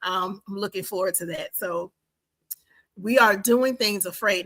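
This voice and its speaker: A woman in her fifties hosts her own podcast, her voice bright and sharp. She talks in an animated, repetitive way, urging listeners on, then moves into fervent spoken prayer. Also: mid-range voice, a little slow. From Washington, D.C. and the Carolinas, USA. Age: 50s. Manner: animated, repeats phrases for emphasis, prays fervently. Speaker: podcast host. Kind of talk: casual podcast outro and prayer.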